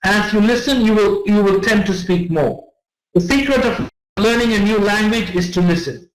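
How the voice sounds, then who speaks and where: A man's voice: high-pitched, normal speed, echoey room, poor audio. A man teaching an English test-prep class, explaining tips with frequent repetitions and check-ins to students, recorded in a classroom on a room mic. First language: not English. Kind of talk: classroom lecture.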